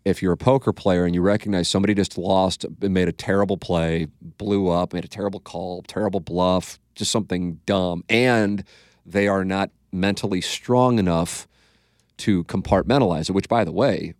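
Deep-voiced blunt St. man. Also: fairly even intonation, moderate pace, darkish tone, no room sound, studio quality. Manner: blunt and profane, acts out quotes. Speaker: podcast host. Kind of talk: casual storytelling chat.

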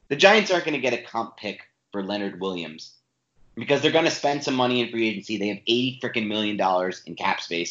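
A man co-hosting a casual sports podcast, talking emphatically and restarting his sentences often. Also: lowish voice. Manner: animated, emphatic, with frequent restarts. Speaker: podcast co-host. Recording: roomy, slightly dull home podcast audio.

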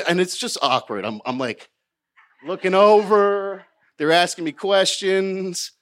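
Man, comedian from Florida, rambling, profane, self-deprecating, somewhat high voice. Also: fairly bright tone. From Hollywood, Florida, USA. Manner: rambling, profane and self-mocking, with halting restarts. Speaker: comedian storyteller. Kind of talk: live personal storytelling.

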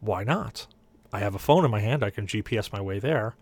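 A lowish-voiced man on a podcast panel moves briskly through a long, funny story, lively and voicing each character himself. The sound is free of room ambience.

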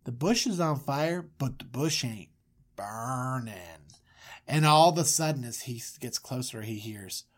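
A podcast host retelling a story in a comic, animated way, with jokey asides to co-hosts. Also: medium pitch, moderate pace, hardly any pauses.

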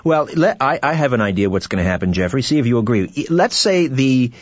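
A male radio host questions his guest with lively, swinging intonation and incredulous asides. The recording is dull and lo-fi, with no room echo. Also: medium pitch, fairly quick. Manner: animated, incredulous interjections. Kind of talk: radio interview.

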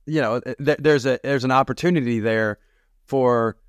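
A man's voice: medium pitch, normal speed, smooth, dry recording, studio quality. A man talking as a podcast guest, laid-back and chuckling as he speaks. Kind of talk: casual conversation.

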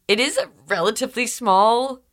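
A woman's voice: a little high, moderate pace, a bit bright. A woman with a Canadian accent, a radio host giving an interview in a chatty, rambling way, laughing often and filling her talk with "like". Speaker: radio host, here the guest. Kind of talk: casual interview chat.

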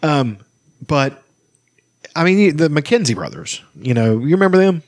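A man's voice: on the high side, big pitch swings, measured pace, a little mellow, no echo, clean studio sound. A middle-aged man co-hosting a podcast, chatting casually and enthusiastically with lots of swearing. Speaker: podcast co-host. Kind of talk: casual chat.

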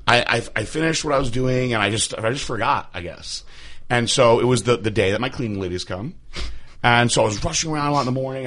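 A man hosting a casual chat, telling a crude, rambling story that turns animated as it goes. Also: mid-range voice. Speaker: podcast host.

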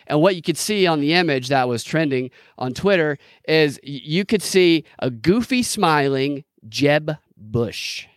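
A man's voice: on the high side, dry recording, studio quality. Sarcastic man riffing on politics. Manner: sarcastic, rambling. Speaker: podcast co-host. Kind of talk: casual political commentary.

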